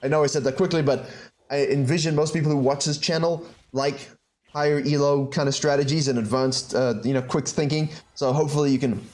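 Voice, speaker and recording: A young man with a South African accent, coaching a video game over gameplay in an animated way, with incredulous outbursts. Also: a little high, a little fast.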